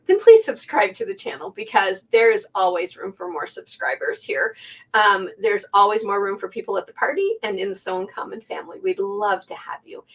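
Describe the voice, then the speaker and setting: A woman's voice: medium pitch, creaky, husky. Chatty middle-aged woman, heartfelt. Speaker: quilting channel host. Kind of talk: casual talk to camera. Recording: voice a bit far from the mic.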